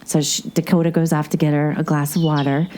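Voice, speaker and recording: Low-voiced chatty woman host. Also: flat delivery, fast talker, dark tone, slight background noise. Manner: rambling, chatty storytelling with many asides. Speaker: podcast host. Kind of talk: casual movie recap chat.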